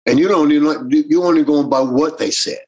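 Husky man telling stories. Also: a little high, fairly quick, low-quality recording. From Jamaican American. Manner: animated, acts out quoted voices. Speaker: reggae bandleader. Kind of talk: casual interview storytelling.

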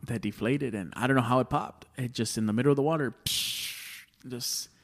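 A man's voice: medium pitch, fast, creaky. A man, telling rambling, profane stories in casual chat, full of restarts. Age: 30s.

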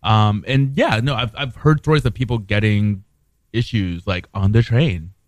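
A man's voice: lowish voice, moderate pace, no echo. A man co-hosting a casual chat show, talking in a playful, frank way. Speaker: podcast co-host.

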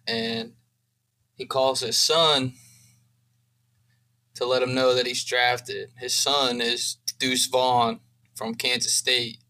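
A man's voice: mid-range voice, slow, long pauses, sharp tone, low-quality recording. A young man co-hosting a podcast, talking in a casual, earnest, emotional way. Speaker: podcast co-host. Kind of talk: casual chat.

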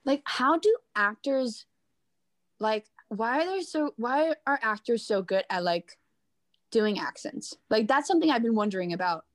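A woman's voice: fairly high pitch, expressive, normal speed, no echo. A young woman from Norway chatting casually, rambling with lots of fillers and restarts. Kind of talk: casual chat.

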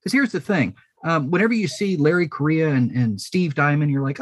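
A man's voice: on the high side, fairly quick, few pauses, no echo. A man talking as a podcast guest and author, earnest and a bit hesitant, with frequent ums as he gathers his thoughts. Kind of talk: casual podcast chat.

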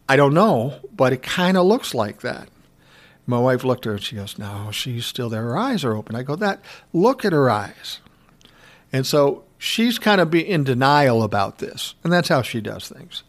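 Emotional man telling a personal story. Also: medium pitch. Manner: emotional, earnest, reflective.

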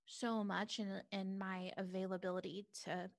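A woman's voice: medium pitch, level tone, normal speed, creaky. A woman guest talking openly and reflectively in an interview, in loose run-on phrases. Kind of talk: candid interview conversation.

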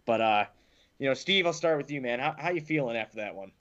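A man's voice: mid-range voice, animated, fast talker, fairly bright tone, muffled recording. A man hosting a casual sports podcast, talking loosely and frankly and swearing now and then. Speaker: podcast host.

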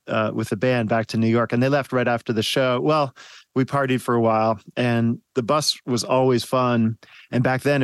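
A man's voice: mid-range voice, dry recording. A man hosting a podcast, telling a story in a casual, chatty way and laughing often. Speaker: podcast host.

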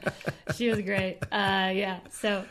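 A woman co-hosting a podcast in casual chat, playful and animated when telling stories. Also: medium pitch, slow pace, over a noisy crowd. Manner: playful, laughs easily, animated storytelling. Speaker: podcast co-host.

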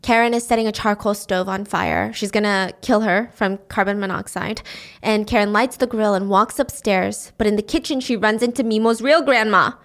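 A woman's voice: medium pitch, normal speed, few pauses, fairly bright tone. A woman casually recapping a drama's plot, telling it with animation and briefly voicing its characters.

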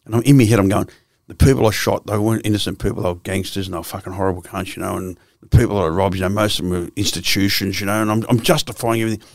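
Gravelly older Australian man, blunt and profane. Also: fairly low pitch, steady tone, racing, hardly any pauses, no room sound. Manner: blunt, profane storytelling with frequent restarts. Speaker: guest. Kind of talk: candid storytelling interview.

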